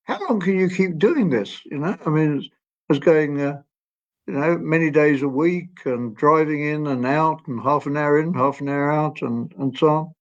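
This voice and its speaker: Man in his 80s, guest storyteller, higher pitch, meandering and genial, dull lo-fi sound. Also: level tone, moderate pace. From England. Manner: gentle, rambling, laughs often. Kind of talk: storytelling interview. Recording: dull lo-fi audio.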